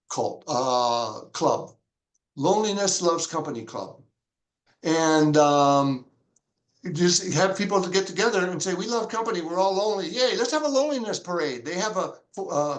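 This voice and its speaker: Man, pastor, fairly high voice, animated storytelling, acts out dialogue, echoey room. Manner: animated, acts out quoted dialogue with big pitch jumps. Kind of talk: conversational interview storytelling.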